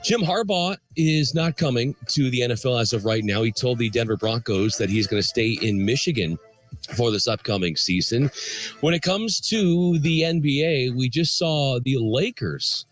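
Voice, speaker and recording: Brisk radio sports-update man. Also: medium pitch, lively intonation, faint music behind. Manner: brisk, reads scores in a newsy cadence.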